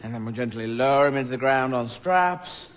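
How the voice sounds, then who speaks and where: A man's voice: mid-range voice, lively intonation, a little fast. A man with an English accent performing a rambling, playful stand-up comedy set on a large theater stage. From Britain. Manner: rambling, playful, voices imaginary characters. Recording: echoey hall with audience noise. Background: audience laughter.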